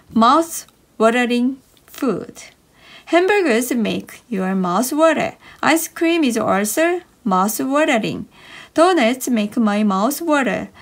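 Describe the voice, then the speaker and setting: A woman reading short English science stories for children in a slow, bouncy storybook manner. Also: high voice. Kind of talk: slow expressive read-aloud for kids.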